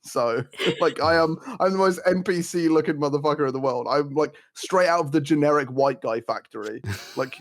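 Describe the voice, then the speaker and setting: A young man in casual chat as the group's dungeon master, animated, swearing freely and laughing often. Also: on the high side, moderate pace, dry recording.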